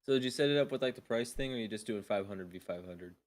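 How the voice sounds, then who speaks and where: A man chatting casually on a call, laid-back and joking in tone. His voice sits fairly low. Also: fast. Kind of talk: casual chat.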